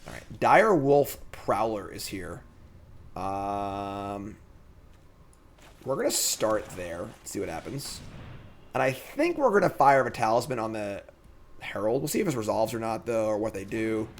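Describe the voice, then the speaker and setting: A man streaming a card game, thinking out loud about his plays and answering chat in a casual, chatty way. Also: on the low side, big pitch swings, measured pace, slight background noise. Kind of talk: casual live-stream commentary.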